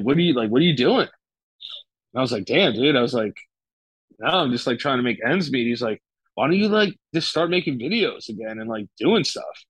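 A man's voice: mid-range voice, husky, dry recording, poor audio. A young man telling a personal story in casual chat, with loose, profane talk full of fillers and restarts. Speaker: guest.

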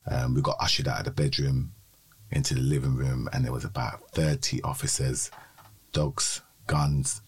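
A man with a strikingly deep voice and a husky, breathy edge. He co-hosts a podcast, telling his story in a measured, steady way. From London. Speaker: podcast co-host. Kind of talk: personal testimony in a podcast conversation.

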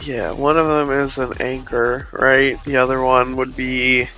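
A man's voice: mid-range voice, flat delivery, unhurried, bright, forceful tone, faint music behind, poor audio. A man playing a character in a tabletop role-playing game, swearing a lot and describing his character's actions. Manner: profane, laughing, plays his character in third person. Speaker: player. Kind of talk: casual tabletop play.

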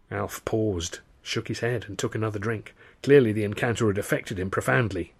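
Low, husky male storyteller. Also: moderate pace, hardly any pauses. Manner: relaxed storytelling in a conversational, anecdotal tone. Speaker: author reading his novel. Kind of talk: audiobook narration.

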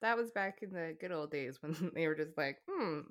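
A woman's voice: low-pitched, lively intonation, a little fast. A woman co-hosting a podcast in casual chat, playful and wry, laughing a lot. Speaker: podcast co-host.

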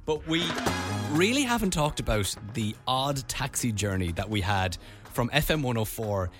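A man, co-hosting a radio show podcast and telling stories in a casual, animated way. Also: medium pitch, normal speed, faint music behind. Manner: animated storytelling, mimics voices. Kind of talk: casual chat.

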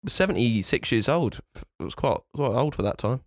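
A man's voice: medium pitch, moderate pace, no echo, clean studio sound. A man co-hosting a podcast, teasing and bantering in casual chat. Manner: animated, teasing. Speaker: podcast co-host.

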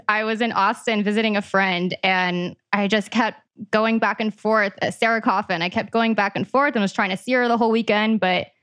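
Podcast host, woman, bubbly and excitable, smooth clear voice, dry close sound, on a video call. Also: medium pitch, no echo. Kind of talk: casual podcast interview.

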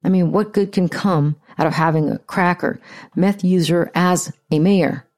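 A woman's voice: on the low side, measured pace, a little mellow. An American woman hosting a podcast with blunt, profane, ranting casual commentary. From United States. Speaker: podcast host.

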